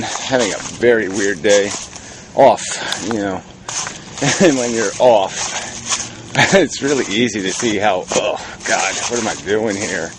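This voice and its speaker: A man from New England talks in a cynical, profane ramble, full of ums and restarts. His voice sits in an ordinary middle pitch. He is recorded outdoors in a rural spot, with clear background noise behind him. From New England, United States. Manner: cynical, profane, halting with many fillers. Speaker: video blogger. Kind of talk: rambling casual monologue.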